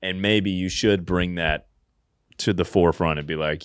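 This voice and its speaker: Low male voice, podcast host, crude and jokey, dry close sound. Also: normal speed, smooth, no echo. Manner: crude, joking, laughs often. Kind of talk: casual comedic advice chat.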